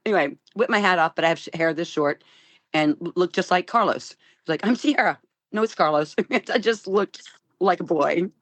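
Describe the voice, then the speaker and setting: An older woman, a guest actress, telling stories in an interview, animated and laughing often. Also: fairly low pitch, moderate pace, no room sound. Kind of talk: storytelling interview.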